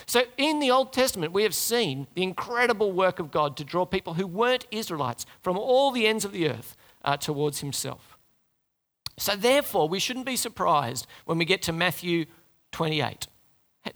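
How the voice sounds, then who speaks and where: Bright-voiced, high-pitched male preacher. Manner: conversational, animated, asks the congregation questions. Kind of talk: sermon.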